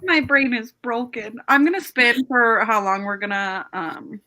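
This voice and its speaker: A woman's voice: a little high, measured pace, bright, forceful tone. A young woman hosting a casual reading stream over a video call, chatty and self-deprecating, often laughing. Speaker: host of a reading sprint stream. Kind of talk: casual chat.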